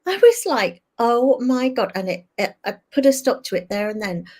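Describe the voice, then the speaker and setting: Her pitch fairly high and her pace moderate, an older talk show guest recounts a candid personal story over video call, dramatizing what she once thought through lively quoted asides.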